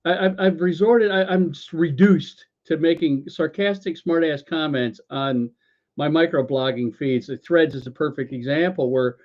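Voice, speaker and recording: A man co-hosting a casual talk show launches into a political rant full of stammering restarts, swearing and sarcasm. His voice is fairly high and a little mellow, at a normal speed. The podcast audio is dull and lo-fi.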